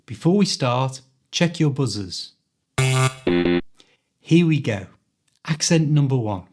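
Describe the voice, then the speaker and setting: Mild Scouse man, mid-pitched, clear teacherly quiz host. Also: expressive, takes it slowly, a little mellow, soft background music. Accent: Liverpool Scouse, mild. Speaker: podcast host, English teacher. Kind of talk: quiz host, scripted podcast.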